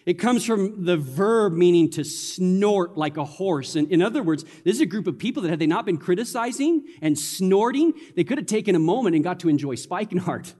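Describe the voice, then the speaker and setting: A man with a fairly high voice preaches to his congregation, with a loose, conversational delivery and playful asides. His voice rings out with a long reverb from the church hall. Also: animated, a little fast, few pauses, mellow. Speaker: pastor. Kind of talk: sermon. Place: church sanctuary.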